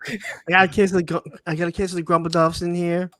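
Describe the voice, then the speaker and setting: A man joking around in a casual group chat, telling things with animated flair. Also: high voice, quick pace, over a noisy crowd.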